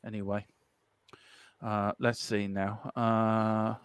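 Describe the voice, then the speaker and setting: A man from Cork, Ireland, co-hosts a live football watchalong stream, teasing and laughing through rambling, filler-heavy banter. His voice is fairly low, smooth and level, with a slow pace. There is no room sound.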